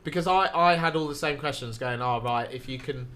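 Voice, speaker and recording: A man's voice: mid-range voice, a little fast, sharp tone. A man, a podcast guest telling a rambling night-out story with swearing and laughter. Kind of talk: casual storytelling.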